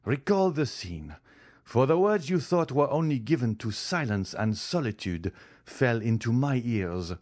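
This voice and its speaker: A man's voice: medium pitch, sing-song, measured pace, a little mellow, voice pushed up. A man voicing an anguished young man who pleads and swears vengeance in an impassioned voice. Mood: grief-stricken vow.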